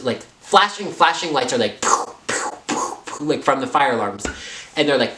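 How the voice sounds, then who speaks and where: Young man, chatty storytime vlogger, mid pitch, roomy sound. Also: unhurried. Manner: animated, filler-heavy, jumps into high voices. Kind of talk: storytime vlog.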